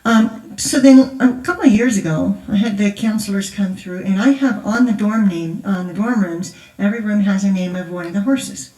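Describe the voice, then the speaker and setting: A woman's voice: mid-range voice, moderate pace, hardly any pauses, warm tone. An older woman, a grandmother, speaking at a conference in a chatty, laughing storytelling manner. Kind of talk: storytelling testimony. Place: large church hall. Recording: echoey hall, voice from far off.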